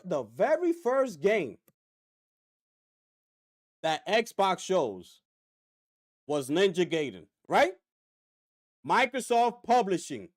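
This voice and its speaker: A man streaming gaming commentary, ranting with rhetorical questions and mocking asides. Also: sits high. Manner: animated, rhetorical, drops into mocking voices. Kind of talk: live-stream commentary rant.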